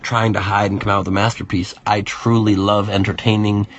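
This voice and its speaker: A man's voice: fairly low pitch, flat delivery, fairly quick, highs cut off, a little hiss or hum. A man hosting a podcast, chatting in a joking, self-deprecating, rambling way. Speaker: podcast host. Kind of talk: casual comedic podcast chat.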